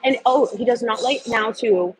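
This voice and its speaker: On a rough recording, a woman with a fairly high-pitched voice runs a laid-back livestream at moderate speed. She drifts from topic to topic, responds to viewers' comments along the way, and trails off amid plenty of filler words.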